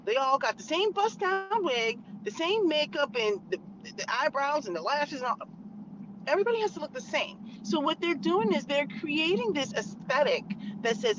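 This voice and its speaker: A married woman talks straight to her viewers from behind the wheel, emphatic and opinionated. Her voice comes through muffled and a little dull, with steady car and road noise running under every word. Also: sits high. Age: adult, married. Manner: outspoken, emphatic, conversational. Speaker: channel host. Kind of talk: opinionated commentary vlog.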